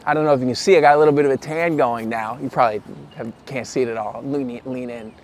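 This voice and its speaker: This is a young man telling a loose, chatty story in a vlog, and he often restarts his sentences. His voice sits at an ordinary middle pitch. A faint background noise runs under the recording. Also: fairly even intonation, quick pace. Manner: chatty, rambling, self-correcting; puts on voices when quoting people. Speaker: vlogger. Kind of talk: casual storytelling to camera.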